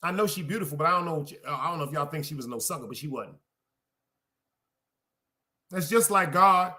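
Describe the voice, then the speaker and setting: A man hosting a podcast, preaching loudly and with a lot of swearing, and putting questions to his listeners. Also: on the high side, brisk. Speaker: podcast host. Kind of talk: casual preaching monologue to a live chat.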